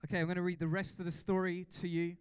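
A man preaching a sermon as pastor, excitable and exhorting the congregation with repeated questions. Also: high voice, fast, smooth, dry recording.

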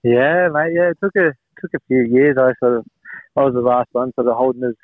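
A man's voice: mid-range voice, steady tone, brisk, dry recording. A man in his thirties with an Australian accent, a laid-back, rambling guest in a casual chat. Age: 30s. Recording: tinny phone line.

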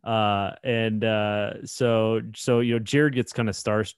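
A man's voice: lowish voice, fairly even intonation, slow, clear, resonant tone, no echo, clean studio sound. A man co-hosting a podcast, telling a rambling anecdote in casual chat, with many restarts and bursts of laughter. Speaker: podcast co-host.

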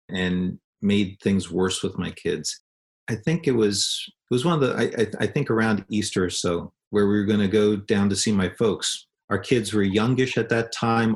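A middle-aged pastor tells a story from family life in a low, gravelly voice. He speaks earnestly and mocks his own failings, and he trips over restarts now and then. The creak runs through much of his speech. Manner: earnest, self-deprecating, with some stammering restarts. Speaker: pastor and counselor. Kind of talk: reflective storytelling talk.

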